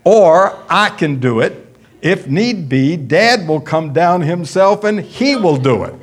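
Preacher putting on a drowsy little sister, pitched up and loud. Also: male voice, expressive, slow. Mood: deadpan. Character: sleepy teenage girl, the date's sister.

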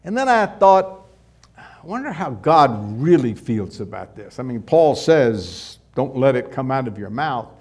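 A middle-aged male pastor preaching a sermon in a conversational way, asking rhetorical questions and dropping suddenly soft. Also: medium pitch, big pitch swings, unhurried.

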